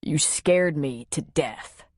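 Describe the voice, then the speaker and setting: Protective grown man, voiced by a woman narrator, firm, commanding, lowish voice, dry audiobook sound. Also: animated, normal speed, husky, no room sound. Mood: gentle. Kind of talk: audiobook character voice.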